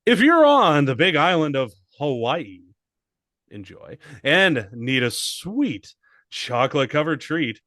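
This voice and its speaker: A man's voice: fairly high pitch, big pitch swings, takes it slowly, fairly bright tone, no room sound. A man co-hosting a casual comedy podcast, joking crudely and riffing. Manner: joking, crude, slips into mock English accent. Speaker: podcast co-host.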